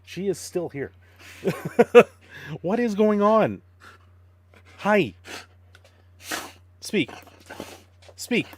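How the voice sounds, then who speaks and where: Laid-back man streaming, slow drawl. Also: high-pitched, very animated. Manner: laughs often, chats with viewers and his dog. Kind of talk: casual live stream chat. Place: home.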